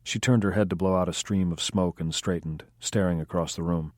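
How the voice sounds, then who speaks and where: Male audiobook narrator, measured, very low voice, dry studio read. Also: fairly even intonation, no room sound. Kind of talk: scripted narration.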